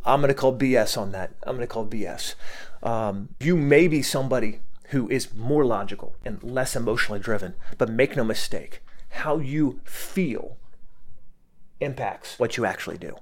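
A man giving an earnest motivational talk, often repeating words and restarting his sentences. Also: mid-range voice. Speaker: motivational speaker.

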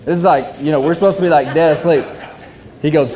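A young man telling a hunting story, animated and often laughing while he talks. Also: on the high side, quick pace. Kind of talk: casual storytelling.

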